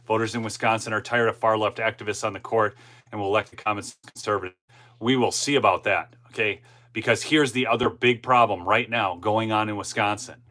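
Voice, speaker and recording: A man's voice: lowish voice, fairly even intonation, fairly quick, bright, forceful tone. Middle-aged guy doing political commentary, reads news then gets fired up, stumbles and repeats himself. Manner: impassioned, frequent restarts and repeated words. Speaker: political commentary channel host. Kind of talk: casual political commentary, reading news aloud.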